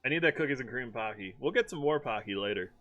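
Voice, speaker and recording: A man's voice: medium pitch, animated, quick pace, fairly bright tone, muffled recording, soft background music. A young man from Maryland chatting casually on a live stream, laughing often and slipping into playful impressions as he tells stories. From Maryland, USA. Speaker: streamer host. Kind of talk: casual chat.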